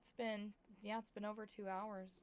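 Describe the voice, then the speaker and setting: A tired young woman from Oklahoma with an Oklahoma accent, chatting excitedly and rambling as she streams a life-simulation game. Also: medium pitch, moderate pace. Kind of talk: casual chat while playing a game.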